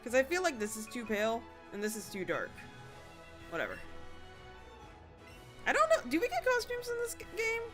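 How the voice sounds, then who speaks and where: A woman streaming a video game, chatting casually with her viewers and breaking into sudden excited squeals. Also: high voice, normal speed, long pauses, soft background music. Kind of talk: casual gameplay commentary.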